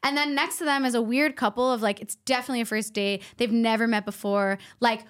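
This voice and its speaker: Picture a woman in a relaxed podcast chat, bubbly and playful as she spins a story. Her voice sits a touch higher than most. She sounds like a guest loving the conversation. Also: a little fast, clean tone. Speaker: podcast guest, health coach. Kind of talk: casual chat.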